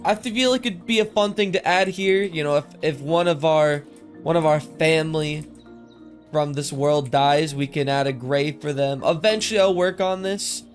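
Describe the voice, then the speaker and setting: A man with a somewhat higher-than-usual voice chats through casual game commentary, rambling and quick to laugh at himself. His microphone's filters give his esses a slight lisp-like hiss, and soft music plays faintly underneath. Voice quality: lisp-like sibilance from mic filters. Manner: chatty, rambling, easily amused. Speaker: gaming commentator. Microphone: desk mic with processing filters.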